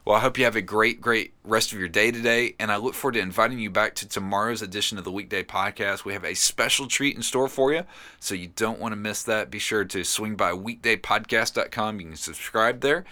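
A middle-aged man, a pastor hosting a podcast, delivering an earnest, encouraging devotional sermon with animated storytelling. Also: fairly low pitch, a little fast.

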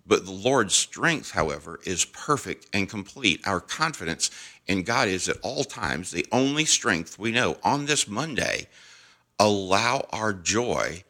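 Deep, bright-toned devotional podcast man. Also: animated, takes it slowly. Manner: earnest, encouraging, repeats phrases with shifting emphasis.

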